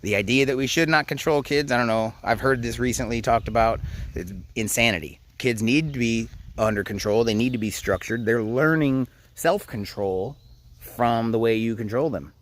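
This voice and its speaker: A man in his thirties talks straight to the camera about raising kids. His voice sits in an ordinary middle pitch. He speaks frankly and plainly, pausing and hesitating often as he works through his thoughts. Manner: frank and conversational, with frequent hesitations. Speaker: parenting coach. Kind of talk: casual advice talk to camera.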